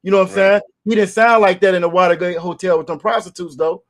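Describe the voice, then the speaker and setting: Male podcast host, high voice, forceful and repetitive delivery. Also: steady tone, fast. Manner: emphatic, repeats phrases, asks "you feel me?". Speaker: show host. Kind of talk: casual podcast commentary.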